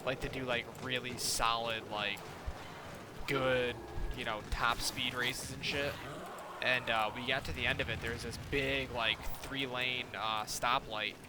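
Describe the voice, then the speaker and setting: A man's voice: medium pitch, fairly even intonation, a little slow. A young man in his twenties telling a rambling, profane story in casual chat while gaming, full of fillers. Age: 20s. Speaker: gaming streamer. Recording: noisy background.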